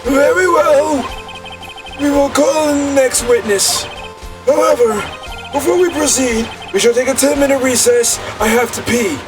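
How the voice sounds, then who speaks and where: A man reading a bumbling older male judge aloud in a halting way, with game music behind. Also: extremely high pitch. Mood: formal.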